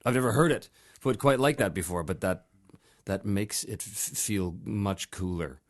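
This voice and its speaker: A man hosting a podcast, telling a story in a casual, animated way, laughing often and slipping into put-on accents. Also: on the low side, normal speed. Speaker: podcast host. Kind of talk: casual interview chat.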